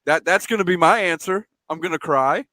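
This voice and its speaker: A man's voice: on the high side, brisk, pushed and bright, no echo. A man hosting a casual live stream from home, chatting, reading out viewer comments and laughing often. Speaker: show host.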